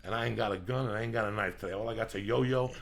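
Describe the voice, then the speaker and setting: A man hosting a podcast, delivering a loud, crude, comedic motivational rant in a studio, riffing and bursting into shouts. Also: lowish voice, steady tone, very fast, vocal fry. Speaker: podcast host.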